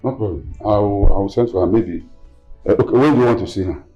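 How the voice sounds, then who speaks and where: A man's voice: fairly low pitch, quick pace, warm tone, highs cut off, faint music behind, lightly acted. A man playing an anxious father who hesitates and stammers in a film drama. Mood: uneasy. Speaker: father of the daughter. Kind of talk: Nollywood film acting.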